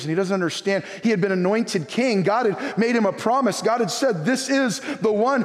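Pastor, man, high voice, sermon in a church with long hall echo. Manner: reads scripture in old English then pleads directly with the congregation.

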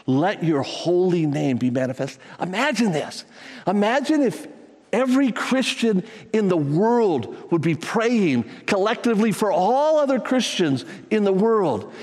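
A man's voice: sits high, very animated, unhurried, big-room sound. A man preaching a sermon to his congregation, talking conversationally and building to fervent emphasis. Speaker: pastor.

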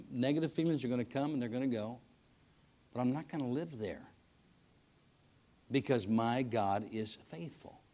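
In a church service, a man with a mid-range voice preaches through folksy stories, full of repetitions and restarts. He swings between loud emphasis and hushed lines.

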